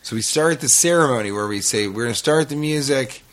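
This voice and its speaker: Here a man's brisk, expressive voice sits at medium pitch with a slightly bright tone. He's co-hosting a podcast, winding through a long, profane, self-deprecating story in casual chat.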